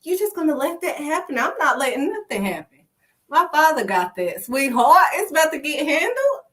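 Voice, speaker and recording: Emphatic high-voiced woman preaching. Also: very animated, normal speed, fairly bright tone, far from the mic. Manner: emphatic, punctuates points with "period"; calls listeners honey and sweetheart. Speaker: faith speaker. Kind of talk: casual preaching monologue.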